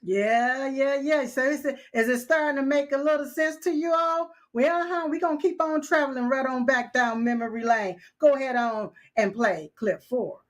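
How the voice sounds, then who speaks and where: High-voiced woman co-host. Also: normal speed, hardly any pauses. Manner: explains step by step, echoes her co-host, addresses viewers. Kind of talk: political commentary chat.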